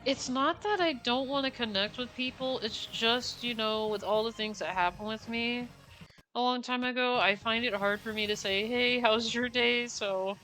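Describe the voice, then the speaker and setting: Over game music, a young female streamer rambles through relaxed chatter while playing a racing game, laughing and apologizing frequently amid plenty of fillers. Her voice, on the high side, sounds pushed and bright at a moderate pace, and the audio quality is poor.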